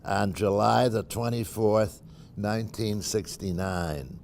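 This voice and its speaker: Older guy, gravelly voice, math prof lecturing casually, dry little asides, lots of uhs. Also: fairly low pitch, takes it slowly, a little mellow, a little hiss or hum. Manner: wry, reflective, with dry asides and filler "uh"s. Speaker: math professor giving a lunch talk. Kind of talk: informal lecture. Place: university seminar room.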